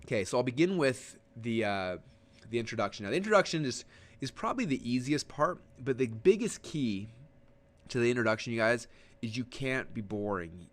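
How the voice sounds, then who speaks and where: A man teaching a webinar lesson in an energetic, emphatic, conversational way, leaning forward and gesturing as he talks. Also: medium pitch, moderate pace. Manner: conversational with frequent fillers and restarts. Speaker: online marketing instructor.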